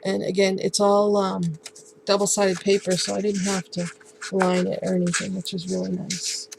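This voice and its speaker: A woman casually showing and explaining a handmade album in a relaxed, halting way, with many ums and restarts. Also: medium pitch, vocal fry, background noise. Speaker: crafting vlogger. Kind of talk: casual show-and-tell craft tutorial.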